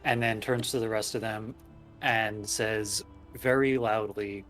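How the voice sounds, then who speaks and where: A man playing in a tabletop game, speaking in a dry, deliberate way. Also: lowish voice, fairly even intonation, a bit bright, soft background music. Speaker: player. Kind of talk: casual chat.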